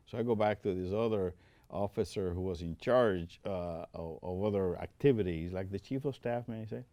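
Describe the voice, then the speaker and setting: An older Air Force veteran, a native Spanish speaker with a Spanish accent, tells stories in an interview studio, quoting dialogue and restarting often. His voice sits low and warm at a moderate pace, with a dry sound and cut-off highs.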